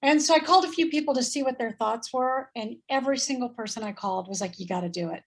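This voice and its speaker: A woman in her fifties telling a story in casual chat, animated and acting out voices as she goes. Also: fairly high pitch, quick pace. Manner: animated, acts out voices in quotes, laughs often. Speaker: guest.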